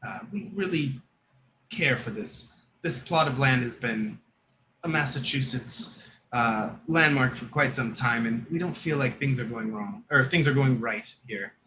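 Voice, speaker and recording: A man voicing a polite young woman worshipper who explains her prayers in a soft, matter-of-fact way. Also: medium pitch, measured pace, slight background noise, low-quality recording. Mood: calm, earnest.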